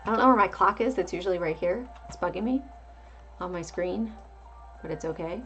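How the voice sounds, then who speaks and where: A woman's voice: lowish voice, a little fast, fairly bright tone, faint music behind. Chatty woman calling out stock levels. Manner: chatty, reads out price levels, answers viewer chat. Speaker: livestream market host. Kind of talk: casual live market commentary.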